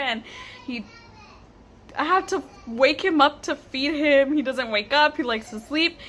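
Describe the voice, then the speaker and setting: A young woman in her twenties telling a personal story to camera, animated and laughing, with casual swearing. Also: high voice, measured pace, slight background noise. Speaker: vlogger.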